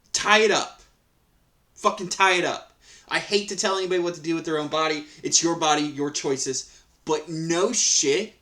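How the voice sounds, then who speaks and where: Reading Reddit posts out loud, a man with a slightly high, somewhat bright voice reacts with casual, heated commentary. He curses freely and rambles, restarting often mid-rant.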